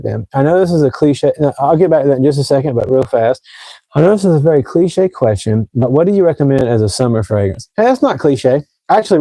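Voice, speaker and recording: A young man chats his way through a casual livestream, answering viewer comments as he goes. His voice is mellow and sits at a middle pitch, and he keeps restarting his sentences. The sound is dry and close, with no room echo. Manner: chatty, rambling, restarts sentences, warm thanks to viewers. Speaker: livestream host reviewing fragrances. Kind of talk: casual live chat reading viewer comments.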